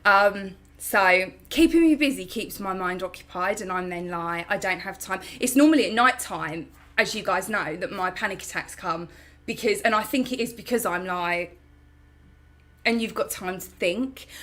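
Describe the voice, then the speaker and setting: A woman's voice: mid-range voice, normal speed, fairly bright tone. A young woman from the UK hosting a casual live stream at home, chatting openly and reading out viewer comments. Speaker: lifestyle channel host.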